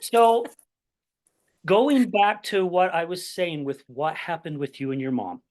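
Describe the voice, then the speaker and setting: A man from Utah, USA, with a high voice and a measured pace hosts a podcast, recounting a long personal story to his guest in conversational interview fashion. Animated throughout, he voices the quoted characters and says "right?" often as he goes.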